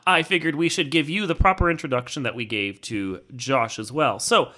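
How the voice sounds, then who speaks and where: A man's voice: medium pitch, normal speed, sharp tone. A man hosting a podcast in casual chat, jokey and rambling, recorded on a studio mic in a small studio. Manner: jokey, rambling, prone to restarts. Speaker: podcast host.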